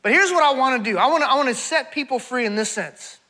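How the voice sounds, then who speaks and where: A man preaching a sermon to a congregation, animated, asking rhetorical questions and calling the crowd "y'all", swinging from near-shouts down to low, calm talk. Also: quick pace. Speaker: traveling preacher.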